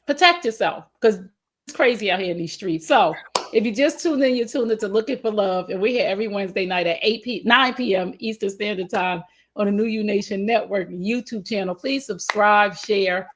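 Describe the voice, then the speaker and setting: A woman's voice: mid-range voice, normal speed. This is a woman co-hosting a relationship talk show, blunt and emphatic in her advice. She speaks with features and leans into her points like a lecture. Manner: outspoken, emphatic, preachy advice. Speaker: co-host.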